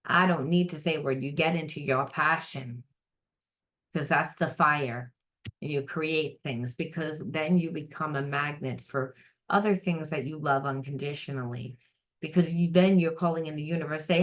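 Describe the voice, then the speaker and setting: A middle-aged woman with a low voice talks through a spiritual reading off the cuff. She is blunt and lively, swears without pause, and slips into quick quoted voices to make her point. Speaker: psychic tarot reader.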